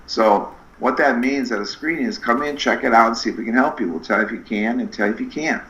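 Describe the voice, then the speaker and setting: A middle-aged man telling stories as a podcast guest in an energetic, animated way, acting out the dialogue in his anecdotes. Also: medium pitch, fast talker. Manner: animated, acts out quoted dialogue with shifting voices. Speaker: podcast guest, spinal screener. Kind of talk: energetic storytelling interview. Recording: echoey room, slightly dull sound.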